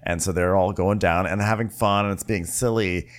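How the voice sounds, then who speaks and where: A man's voice: deep voice, steady tone, moderate pace. A man co-hosting a casual recap podcast, joking sarcastically and slipping into mocking quoted voices. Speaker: podcast co-host.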